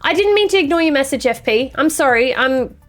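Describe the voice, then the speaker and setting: A woman's voice: sits high, animated, a little fast. A young woman streamer chatting casually with her viewers and reading chat aloud, with a dry, sarcastic sense of humor and sassy banter.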